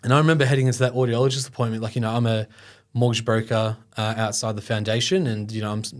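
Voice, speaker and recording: Rapid-fire and mid-range, with little pitch movement, a middle-aged man shares a personal story as an interview guest. The foundation founder speaks casually with many fillers, and emotion sometimes gets the better of him.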